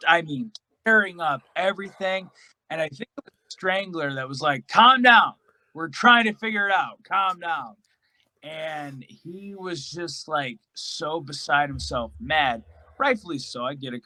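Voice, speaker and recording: A man's voice: medium pitch, bright, forceful tone, no room sound, low-quality recording. A man as a guest on a chat show, telling a story in a rambling way full of "like". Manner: rambling, many "like" fillers.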